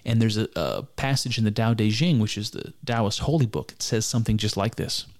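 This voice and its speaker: A man with a somewhat low voice speaks a little fast, offering an earnest, musing commentary on a text about mysticism. His reflections often break off as he stops and restarts his sentences.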